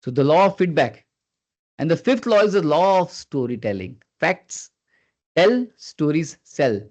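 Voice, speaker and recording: A man in a fairly high register, running a live online skills class. He is earnest and coaxing, prompts his listeners again and again, and lets his pitch rise and fall on purpose. The sound comes through muffled and lo-fi, as over a video call. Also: very animated, unhurried, darkish tone. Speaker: communication skills trainer. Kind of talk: live online training session. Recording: dull lo-fi video call audio.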